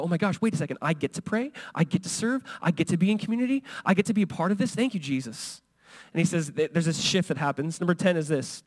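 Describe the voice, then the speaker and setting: Male pastor, high voice, dry close sound; casual, lively sermon delivery that acts out quotes. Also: no room sound. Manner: conversational, animated, acts out quotes.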